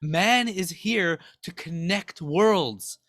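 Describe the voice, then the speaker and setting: A man's voice: high voice, extremely slow, no room sound, clean studio sound, heavily acted. A man voicing God as a patient, loving father figure, speaking tenderly and soothingly. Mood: earnest. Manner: tender, soothing, gently amused.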